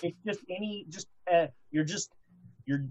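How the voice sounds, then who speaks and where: A woman's voice: lowish voice, unhurried, darkish tone. A woman hosting a casual chat show, talking with many fillers and restarts. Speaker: podcast host.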